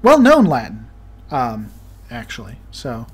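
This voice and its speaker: A man's voice: medium pitch, wildly swooping pitch, unhurried, a little hiss or hum. A man hosting a livestream, chatting casually while he plays a game and reads out viewer comments with a joking manner. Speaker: livestream host. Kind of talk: casual chat while gaming.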